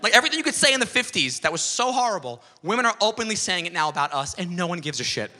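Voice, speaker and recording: A young man doing a profane, ranting stand-up routine on a club stage, bursting into loud outbursts. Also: high voice, big pitch swings, very fast. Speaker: stand-up comedian. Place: comedy club stage with a laughing audience. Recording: live club audio with crowd laughter and room noise.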